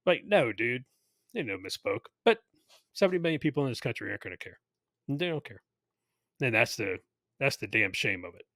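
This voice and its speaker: A man's voice: medium pitch, lively intonation, fairly quick, pauses often, bright, forceful tone, dry recording. A man co-hosting a casual podcast, talking in an emphatic, indignant way. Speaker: podcast co-host. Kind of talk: casual chat.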